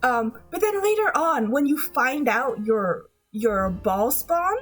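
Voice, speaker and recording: A high-pitched woman streamer talks in a loose, casual chat. She gushes and giggles and keeps restarting her sentences. Soft music plays quietly behind her. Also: expressive, slow, husky. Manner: gushing, giggly, rambling with many restarts. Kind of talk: casual chat recapping a game.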